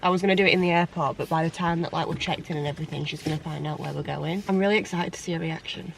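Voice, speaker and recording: A young woman chatting in a casual vlog, giggly and excitable. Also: low voice, rapid-fire, vocal fry. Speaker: vlogger. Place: inside a car. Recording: loud car noise behind.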